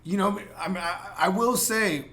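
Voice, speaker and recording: In a very noisy recording, a high-pitched man talks at normal speed. He hosts a casual podcast out of San Jose, California, getting heated and profane as he rambles with lots of fillers and false starts.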